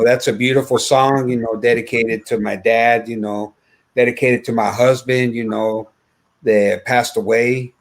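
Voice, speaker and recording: Halting male DJ host. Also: medium pitch. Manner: halting, repeats "I mean". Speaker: radio DJ host. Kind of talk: casual live interview.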